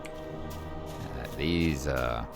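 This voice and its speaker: A man with a rumbling low, gravelly voice draws out his words as he chats casually over his gameplay, with faint music behind him. He hosts the session and teases and talks to the characters on screen.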